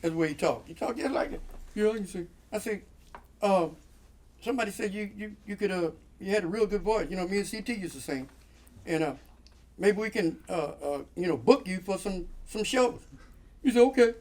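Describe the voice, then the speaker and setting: His voice sits high and moves briskly. In a relaxed chat, this guest storyteller delivers a long comic story with lots of animation, imitating the people he quotes and breaking into laughter often.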